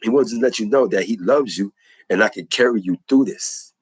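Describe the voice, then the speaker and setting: Husky low-voiced man preaching earnestly. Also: fairly quick, dry recording. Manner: earnest, repetitive, emphatic preaching cadence. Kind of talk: impassioned spoken testimony.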